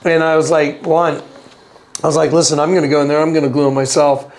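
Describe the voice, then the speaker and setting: A man being interviewed, telling a story in an animated way, acting out the voices and laughing as he goes. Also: fast talker. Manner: acts out quotes with big pitch jumps and laughter. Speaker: interview guest.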